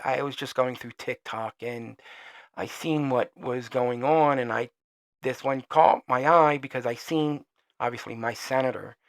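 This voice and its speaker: Podcast host, man, solo opinion rant: heated, swears a lot, rambles, middle pitch. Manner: trails off quieter when signing off.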